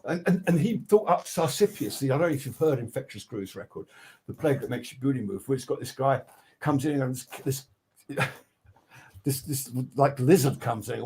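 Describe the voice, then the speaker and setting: A little fast, in a mid-range voice, an older guest record producer swaps casual studio anecdotes. Animated and freely profane, he acts out what people said, with many restarts and filler words.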